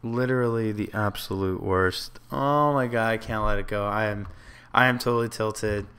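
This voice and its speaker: Guy muttering thru his card game, beating himself up over misplays, smooth clear voice, desk mic. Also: lowish voice, steady tone, normal speed, a bit bright. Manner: self-critical, frustrated muttering and outbursts. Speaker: gameplay commentator. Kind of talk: casual gameplay commentary.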